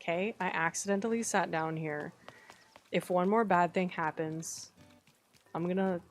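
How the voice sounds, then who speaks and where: A woman live streamer chatting casually over her game, talking to herself and her chat. She sounds playfully exasperated, swears in jest, and swings up into excited squeals. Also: on the low side, a little slow, soft background music.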